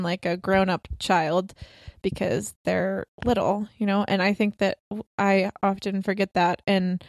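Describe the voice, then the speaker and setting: A woman in her twenties chats as a podcast co-host, rambling with plenty of fillers and laughter. Her voice is medium-pitched, and the recording is clean studio sound with no room ambience.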